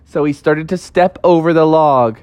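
A man's voice: a little high, moderate pace, a little mellow, dry recording. A man improvising a playful, dramatic story for children.

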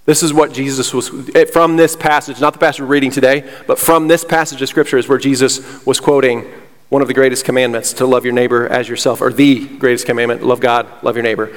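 A man's voice: mid-range voice, steady tone, brisk. A man preaching a sermon as pastor, fired up and slightly out of breath, emphatic and repeating himself. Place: church sanctuary. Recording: long hall reverb.

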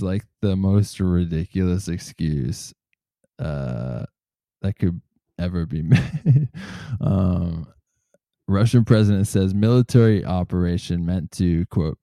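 A man hosting a casual comedy podcast, swearing freely and reading news quotes aloud in a relaxed, joking way. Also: deep voice, no room sound, studio quality. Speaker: podcast host.

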